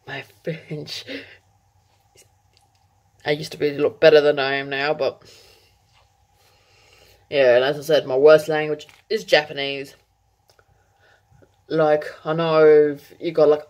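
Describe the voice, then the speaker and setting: A woman talks casually to her viewers in a slightly low voice. She rambles with fillers and corrects herself. She laughs at her own slips. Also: a little slow, pauses often, a little mellow. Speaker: vlogger. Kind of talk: casual chat to camera.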